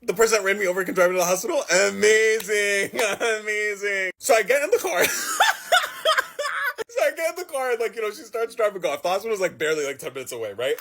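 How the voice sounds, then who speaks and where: A young man telling a personal story in a casual, animated way, with lots of fillers and swearing. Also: high-pitched, very fast, hardly any pauses, slightly rough. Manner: animated, dramatic storytelling with frequent laughs and swearing.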